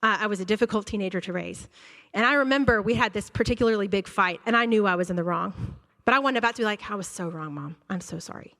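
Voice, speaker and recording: A woman's voice: medium pitch, fast. A woman, a school counselor giving an earnest talk to parents at a church, telling stories from her own life. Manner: earnest, warm-hearted storytelling, addresses crowd as y'all. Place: large church hall. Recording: long hall reverb.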